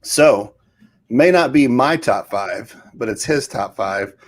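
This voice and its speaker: Speaking slowly and expressively in a medium-pitched voice, a middle-aged man co-hosts a casual show. He chats in an easygoing, meandering manner.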